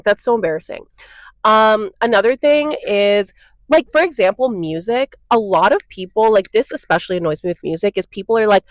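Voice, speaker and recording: A young woman talks straight into her phone, blunt and exasperated as she rants her opinions. Her voice sits at a middling pitch, and the sound is dry and close with no room around it. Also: lively intonation, brisk, no room sound, rough recording. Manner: blunt and exasperated, lots of "like" and "okay?". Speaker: vlogger. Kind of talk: casual opinion rant to camera.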